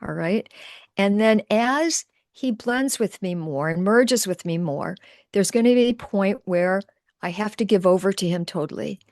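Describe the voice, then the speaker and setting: A woman's voice: mid-range voice, no echo, clean studio sound. Middle-aged woman guiding a meditative channeling. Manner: animated explaining, then softening to hushed, slow meditative talk. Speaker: spiritual channel and teacher. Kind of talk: guided demonstration with narration.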